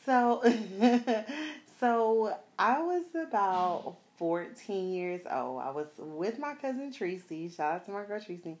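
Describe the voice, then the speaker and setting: A woman in her thirties from South Florida tells a personal story to her viewers at an unhurried pace. She laughs often and talks in a loose, slangy, animated way, speaking right to the camera. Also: medium pitch.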